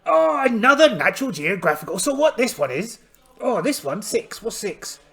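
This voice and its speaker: A gravelly, high-pitched pirate captain with one eye, blustering and cheerful, as a man puts him on. He narrates a solo tabletop voyage with theatrical exclamations, and his pitch swoops widely from phrase to phrase. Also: very animated, moderate pace, fairly bright tone, heavily acted. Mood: storytelling.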